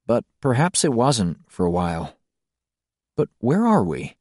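Narrator as a bewildered curious man, measured questions, animated pitch, dry sound. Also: dry recording. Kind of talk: audiobook character voice.

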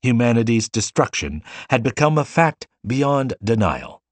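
A man narrating a science fiction audiobook in a measured, expressive way. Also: medium pitch, dry recording.

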